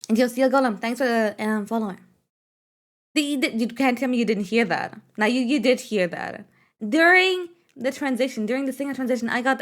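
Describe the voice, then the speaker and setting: A woman game streamer in casual live-stream chat, rambling with frequent swearing and fillers. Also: mid-range voice.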